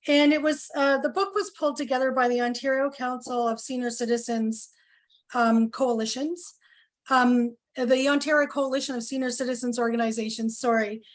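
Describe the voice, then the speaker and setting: Middle-aged woman, high voice, earnest and emotional public speaker at a community meeting. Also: steady tone, moderate pace. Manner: earnest and emotional, many fillers and apologies. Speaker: health coalition speaker at a town hall. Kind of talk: public speech at a town hall.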